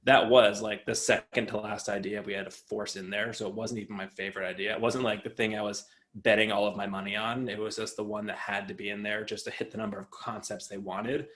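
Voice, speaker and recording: A man who works as a designer, telling a work story over a video call in an animated way, swearing freely. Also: fairly low pitch, quick pace, hardly any pauses. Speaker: designer guest. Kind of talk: casual storytelling.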